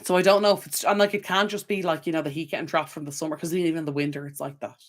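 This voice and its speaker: A woman's voice: sits low, steady tone, racing. Rambling, chatty Irish woman. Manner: chatty, rambling rants with lots of fillers. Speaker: channel host. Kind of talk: live stream chat with viewers. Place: home desk. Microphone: desk camera mic.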